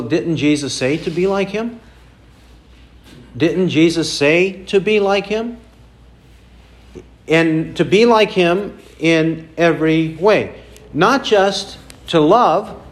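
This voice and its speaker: A man preaching a sermon, asking the congregation questions and repeating key phrases for emphasis. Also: on the high side. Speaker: pastor.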